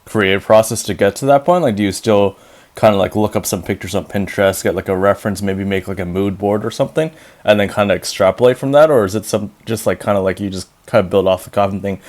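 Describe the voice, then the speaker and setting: Male host, very low voice, loose and chatty, filler-heavy. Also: fast, darkish tone. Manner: rambling, filler-heavy, upbeat. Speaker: podcast host. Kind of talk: casual interview chat.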